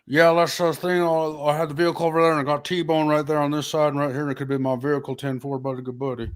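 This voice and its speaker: A man's voice: on the high side, level tone, fast talker, smooth, lightly acted. A man voicing a dweebish guy who rambles in folksy trucker slang.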